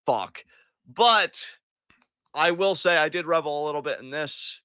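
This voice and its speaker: A man talks through a week of wrestling on his podcast, sarcastic and profane, slipping into mocking voices for the wrestlers' lines. His voice is bright and sits a little high. The sound is dry and close. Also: normal speed, smooth, no echo. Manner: profane, sarcastic, acts out quotes. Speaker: podcast co-host. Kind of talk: casual wrestling recap chat.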